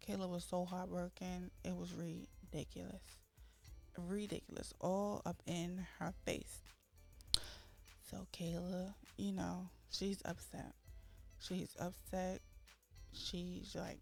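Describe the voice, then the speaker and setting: A woman's voice: lowish voice, little pitch movement, slow pace, gravelly, a little mellow. A woman hosting a let's-play, chatting casually as she narrates her game and acts out her characters' lines with dramatic flair. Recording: faint background music.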